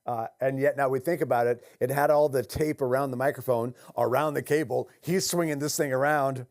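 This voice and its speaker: A man's voice: medium pitch, steady tone, a little fast. A man interviewing a guest in a casual, reflective, conversational way.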